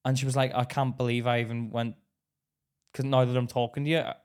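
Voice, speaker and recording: A man co-hosting a podcast, telling an animated story in casual chat, acting out what people said and laughing often. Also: mid-range voice, quick pace, clean tone. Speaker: podcast co-host.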